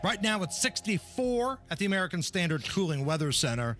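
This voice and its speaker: A man's voice: high voice, sing-song, a little fast, fairly bright tone, faint music behind. A man hosting a talk radio show, giving emphatic, opinionated commentary into a studio microphone.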